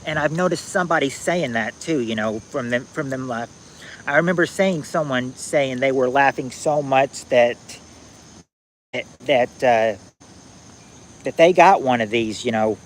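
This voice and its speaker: A man hosting a casual trivia game on a livestream, reading viewers' answers aloud in a halting, repetitive way, outdoors at night on a phone. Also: mid-range voice, fairly bright tone, a little hiss or hum, poor audio. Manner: halting and repetitive, restarting phrases, drawling out answers.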